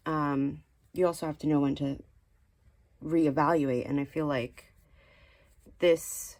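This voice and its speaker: A woman's voice: low voice, fairly even intonation, takes it slowly, darkish tone. Chatty woman giving a rambling tarot reading. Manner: chatty, rambling, many "like" fillers and restarts; earnest, mildly scolding encouragement. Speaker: tarot card reader. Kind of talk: casual spiritual tarot reading.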